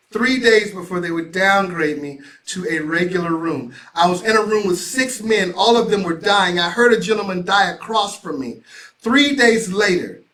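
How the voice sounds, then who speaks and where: Preacherly middle-aged man with a high voice. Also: fairly bright tone. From United States. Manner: preacherly, repetitive, emphatic delivery. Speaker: host. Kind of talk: motivational talk.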